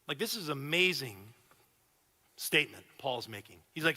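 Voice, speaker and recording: Male pastor in his 30s, bright, slightly high voice, lively conversational sermon, long hall reverb. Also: moderate pace. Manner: animated, conversational preaching with repeated restarts. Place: church auditorium.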